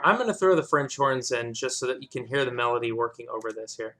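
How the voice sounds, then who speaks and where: A man's voice: medium pitch, fast talker. A man explaining how he arranged an orchestral piece, casually scatting the instrument parts aloud to show how they move. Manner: hums and scats parts aloud, relaxed and self-deprecating. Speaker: composer teaching orchestration. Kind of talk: casual walkthrough lesson. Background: orchestral playback music.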